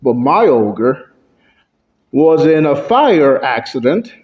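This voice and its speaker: A man with a fairly high voice gives a prepared speech at a club meeting, taking his time over each phrase. He pushes his voice up and down for effect. The recording sounds dull and lo-fi. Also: sing-song, slow. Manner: shifts pitch and loudness for effect. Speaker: Toastmasters club speaker.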